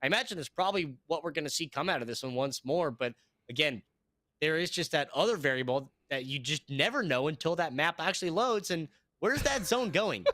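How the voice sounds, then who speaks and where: A man casting a live esports match, talking fast and rambling, quick to laugh. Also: on the high side, sing-song, bright, forceful tone, no echo. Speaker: esports caster.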